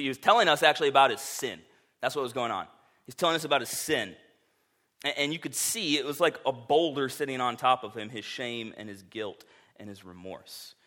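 A man's voice: mid-range voice, pushed and bright. A man preaching a sermon, reading scripture and then talking in a casual, earnest way with filler words. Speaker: pastor.

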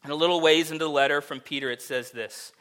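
Man, pastor, sermon, bright and forceful voice, fairly high, vivid storytelling. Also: fairly even intonation, fast. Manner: vivid second-person storytelling, rising to loud emphatic peaks.

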